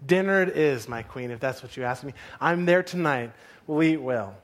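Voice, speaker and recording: A man voicing a generous ancient king, speaking slowly and softly in a sermon story. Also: mid-range voice, expressive, voice pushed down, close to an everyday voice. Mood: magnanimous.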